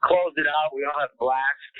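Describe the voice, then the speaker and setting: A man's voice: fairly high pitch, steady tone, normal speed. A man in casual comedic radio banter, brash, teasing and profane. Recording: tinny phone-like lo-fi sound.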